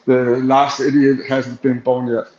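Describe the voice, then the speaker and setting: A co-host chatting casually on a stream, laughing easily and chiming in at an unhurried pace. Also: medium pitch, flat delivery, darkish tone, roomy sound, dull audio, a little hiss or hum. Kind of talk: casual chat.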